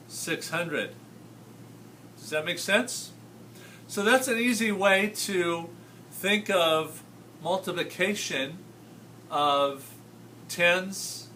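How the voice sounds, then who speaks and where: A man's voice: fairly high pitch, bright, forceful tone, recorded from a distance, a little hiss or hum. A man teaching a math lesson, explaining patiently and often checking whether his students follow. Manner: patient, checks understanding with tag questions.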